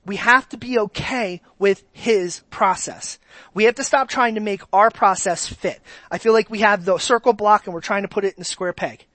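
A pastor preaching an animated sermon in a mid-pitched voice, dropping to quiet asides and then rising to loud exclamations. The preacher keeps asking the congregation direct questions. The recording is dry and close, with no room sound. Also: moderate pace, dry recording.

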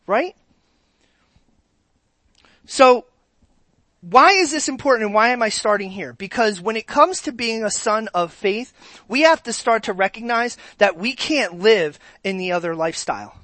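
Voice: medium pitch, a bit bright, no room sound. A pastor giving a sermon in a conversational way, asking the congregation questions and reading scripture with emphatic sarcasm.

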